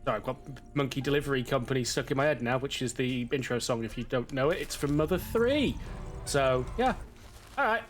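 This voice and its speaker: A man's voice: medium pitch, animated, fairly quick, faint music behind. A man chatting casually to his live-stream audience while playing a game, rambling and swearing a little, stuffy from a cold.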